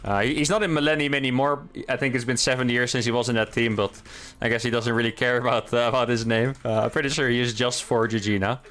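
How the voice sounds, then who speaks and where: A man's voice: mid-range voice, steady tone, fast talker, a bit bright. Chatty man commentating his own game. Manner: thinks aloud while playing, chatty and upbeat. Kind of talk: casual live game commentary.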